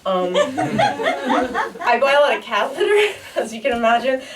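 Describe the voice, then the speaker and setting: A woman's voice: sits high, wildly swooping pitch, a little slow. A young woman performing a stand-up comedy set on a club stage, rambling and laughing through her punchlines while acting out characters. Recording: echoey club recorded from far off, loud noise. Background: audience laughter.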